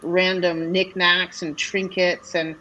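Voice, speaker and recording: A woman as dungeon master, narrating a tabletop game in a relaxed way with many ums. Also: on the low side, slow pace, highs cut off, a little hiss or hum. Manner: relaxed, filler-heavy narration.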